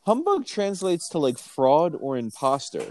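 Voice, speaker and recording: A man in loose conversation about a film, swearing freely and laughing at his own jokes. He works through notes as he goes, unhurried and chatty. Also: a little high, huge pitch swings, darkish tone. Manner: joking, profane, reads from notes. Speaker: podcast co-host. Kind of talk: casual movie-discussion chat.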